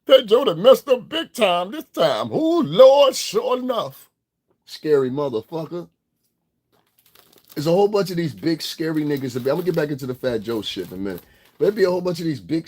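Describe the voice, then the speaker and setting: Ranting casually on his livestream, a man speaks straight to his chat, blunt and profane, at times mimicking other people mockingly. His voice is a little high and a little mellow, and he hosts the online show.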